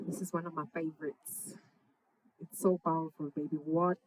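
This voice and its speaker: Between songs at a live session outdoors in her parents' backyard, a young singer-songwriter chats in a low-pitched voice with little pitch movement, speaking a little slowly. She's laid-back and affectionate, her chatter packed with slang and swear words. It's a rough recording.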